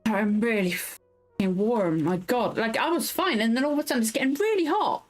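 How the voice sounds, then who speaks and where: A woman's voice: fairly high pitch, expressive, normal speed. Casual woman gamer, chatty and sweary, faint game music behind. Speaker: gameplay streamer. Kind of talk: casual let's-play commentary. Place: warm room at home. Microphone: headphones and headset mic.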